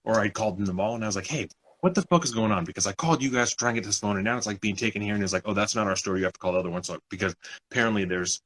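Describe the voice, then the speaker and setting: Young male podcast co-host, husky and rapid, animated storyteller who swears freely. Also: fairly low pitch, rough recording. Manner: animated retelling, acting out other people's lines, swears often. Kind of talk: casual storytelling chat.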